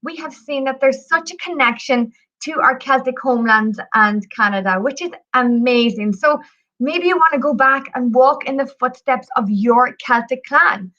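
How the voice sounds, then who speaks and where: A Northern Irish woman chats with enthusiasm on a radio travel show and spins folk stories. Her voice sits high and bright. The recording is dull and lo-fi. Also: normal speed. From Northern Ireland. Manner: lively, chatty, enthusiastic. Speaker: travel company guest. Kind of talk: radio talk show storytelling and pitch.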